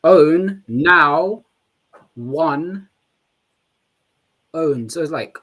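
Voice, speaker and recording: Husky man musing in restarts. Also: on the high side, animated, extremely slow, fairly bright tone, poor audio. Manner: repetitive, restarts phrases, reflective. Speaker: co-host. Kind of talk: casual live-stream chat.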